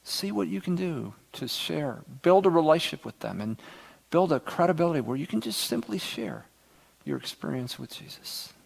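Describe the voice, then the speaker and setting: Middle-aged male pastor, somewhat high voice, earnest sermon delivery with hushed passages. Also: big pitch swings, normal speed, creaky, husky. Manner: earnest, swings from loud emphasis to near-whispers.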